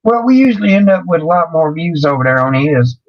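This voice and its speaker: A man's voice: a little high, expressive, fast talker. A man on a livestream chat, trading crude, teasing banter. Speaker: co-streamer. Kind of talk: casual chat. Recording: dull lo-fi stream audio.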